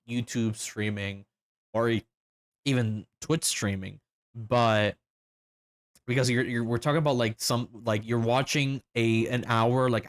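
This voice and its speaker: A man's voice: medium pitch, clean tone, no room sound. A man chatting casually, rambling with fillers and repeats and cracking crude jokes. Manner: fillers, repeats, swearing, joking. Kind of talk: casual chat.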